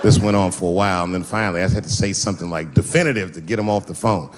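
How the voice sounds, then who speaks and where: A man doing a stand-up comedy routine, telling loose, profane stories with sudden swings in pitch. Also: very fast, noisy background. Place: stage before a live audience.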